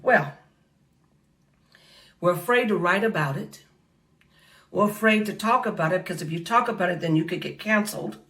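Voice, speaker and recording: A woman's voice: lowish voice, moderate pace, pauses often, a bit bright. Passionate preacherly woman, distant mic. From United States. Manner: preacherly, repeats phrases, calls listeners honey and baby. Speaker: speaker at a faith awards event. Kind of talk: impassioned faith talk.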